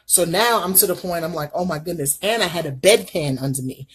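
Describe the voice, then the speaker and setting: Woman, middle-aged, husky voice, low pitch, lively folksy storytelling, casual makeup vlog. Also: fairly quick. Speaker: beauty vlogger.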